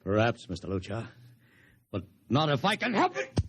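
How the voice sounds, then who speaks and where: An actor playing a hot-tempered adult male publicist in a 1950s radio drama, urgent and agitated, often shouting. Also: mid-range voice, wildly swooping pitch, normal speed, husky, heavily acted.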